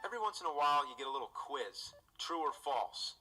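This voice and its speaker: An actor playing a foul-mouthed, exasperated game critic, ranting incredulously through a scripted comedic review. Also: male voice, fairly high pitch, big pitch swings, a little fast, bright, forceful tone, soft background music, full character voice, poor audio.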